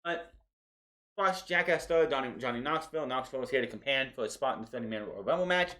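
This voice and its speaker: A man's voice: medium pitch, expressive, fast, bright, forceful tone. A man reviewing a wrestling show in a casual, opinionated recap, often restarting his sentences. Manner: conversational, opinionated, with frequent restarts.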